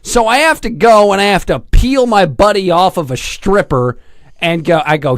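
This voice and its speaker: A man's voice: high voice, animated, moderate pace, no room sound, clean studio sound. Rambling, profane man telling stories. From Detroit area. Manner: rambling, profane, laughs through his stories. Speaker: podcast co-host. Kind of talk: casual storytelling chat.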